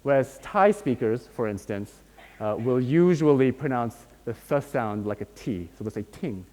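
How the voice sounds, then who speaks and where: A man's voice: medium pitch, expressive, normal speed, dark tone. A man giving a university lecture, explaining step by step and often checking in with "right?". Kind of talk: academic lecture. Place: lecture hall. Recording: long hall reverb.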